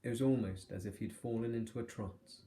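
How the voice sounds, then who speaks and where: A male teacher reading a children's novel aloud with steady, expressive storytelling. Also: mid-range voice, a little fast. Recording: echoey room.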